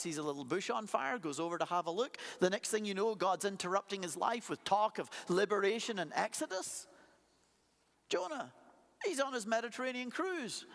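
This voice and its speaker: A pastor preaching a sermon, telling stories in a conversational way with playful asides. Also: male voice, high-pitched, a bit bright. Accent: non-local accent. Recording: long hall reverb.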